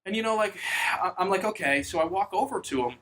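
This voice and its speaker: A man's voice: high voice, expressive, fast, a little hiss or hum, low-quality recording. A young man telling a rambling story in casual chat as a podcast co-host, swearing freely.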